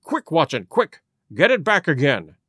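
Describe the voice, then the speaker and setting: A man reading a story aloud and voicing an eager detective who gives brisk, commanding orders. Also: on the high side, huge pitch swings, sharp tone, husky, dry recording, clean studio sound, exaggerated voice. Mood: urgent. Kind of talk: audiobook reading.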